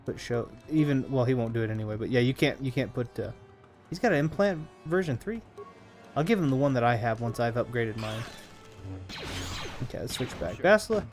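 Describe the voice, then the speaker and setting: A man's voice: medium pitch, animated, brisk, faint music behind. A man casually chatting to viewers while he plays a video game, rambling and humming between remarks. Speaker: streamer playing a video game. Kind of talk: casual live-stream commentary.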